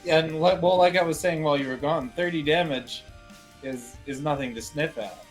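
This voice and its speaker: A man playing a tabletop game, reasoning through the rules at a measured pace. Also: fairly high pitch, faint music behind. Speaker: player. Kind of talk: casual game chat.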